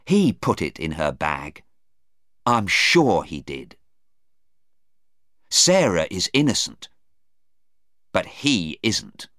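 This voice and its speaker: A man's voice: sits low, wildly swooping pitch, fairly bright tone, dry recording, clean studio sound, exaggerated voice. A man doing an agitated young man. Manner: quick and emphatic.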